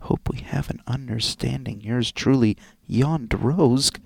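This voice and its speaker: A man's voice: medium pitch, creaky, darkish tone, breathy edge, voice pushed down, heavily acted. A man putting on a gloating blackmailer. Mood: menacing. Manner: slow, gloating, theatrical menace. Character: menacing male blackmailer, smug and cold.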